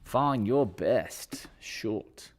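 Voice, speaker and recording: A man's voice: lowish voice, animated, exaggerated voice. A man putting on an exaggerated Australian accent to play a brash, joking bushman. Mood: hammy. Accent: put-on Australian. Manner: exaggerated, hammy, drawn-out.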